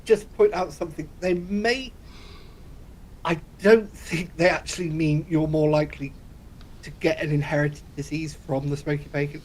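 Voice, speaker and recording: A man co-hosting a chat podcast, easygoing and amused, gently offering a counterpoint. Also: a little high. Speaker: podcast co-host. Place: studio for a live-streamed podcast.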